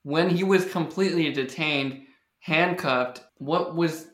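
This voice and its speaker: A man's voice: on the high side, measured pace, fairly bright tone. Man hosting a podcast in an echoey room. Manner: loose, jokey segment-leading. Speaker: podcast host. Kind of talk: casual podcast chat.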